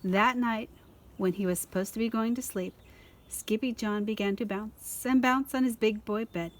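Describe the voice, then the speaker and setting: Woman librarian, slightly high voice, lively picture-book read-aloud. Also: moderate pace. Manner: lively, expressive storytelling. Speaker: school librarian.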